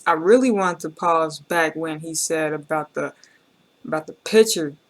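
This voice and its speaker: A woman's voice: sits low, moderate pace. A woman hosting a reaction video, talking in an emotional, reflective and casual way and speaking straight to her viewers with slang.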